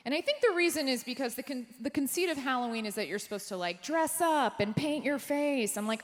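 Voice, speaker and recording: A woman performing a stand-up comedy set on a theater stage, delivering deadpan punchlines and jumping high for quoted voices. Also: a little fast, few pauses. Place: theater stage before a live audience. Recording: live stage mic with hall reverb.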